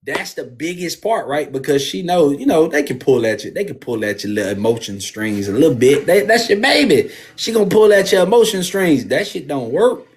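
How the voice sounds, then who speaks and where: A man co-hosting a casual podcast, telling candid stories in an animated way about homeschooling his daughter. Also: on the high side, brisk, few pauses. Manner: candid, animated storytelling with lots of slang. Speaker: podcast co-host. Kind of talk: casual chat.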